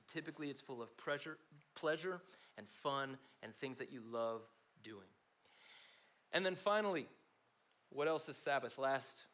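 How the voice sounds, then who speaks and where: A man's voice: mid-range voice, fairly bright tone. A man giving a conversational sermon to a room of students, talking to them directly. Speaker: speaker at a student gathering.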